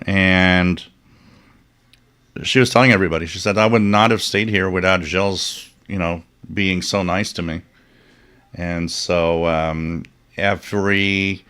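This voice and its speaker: Deep-voiced man chatting casually. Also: a bit bright, clean tone. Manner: rambling anecdotes with chuckles and fillers. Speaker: live stream host reading viewer comments. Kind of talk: casual chat.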